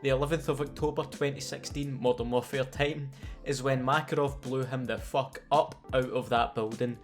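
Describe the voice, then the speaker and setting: A man's voice: mid-range voice, steady tone, normal speed, soft background music. Sweary sardonic Scottish man. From Scotland. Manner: sardonic and sweary, playful storytelling. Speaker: gaming YouTuber. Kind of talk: scripted comedic commentary.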